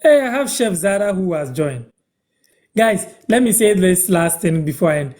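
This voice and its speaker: A man from Ghana with a Ghanaian accent, hosting a live-stream language lesson and repeating phrases slowly so viewers can follow. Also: high-pitched, lively intonation, darkish tone.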